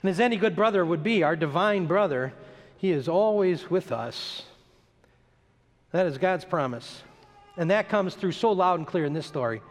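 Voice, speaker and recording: A man preaching a sermon, dropping his voice low on slow, emphatic lists and rising sharply as he presses each point. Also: animated. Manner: dramatic rises and drops, slow emphatic lists. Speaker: pastor. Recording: long hall reverb.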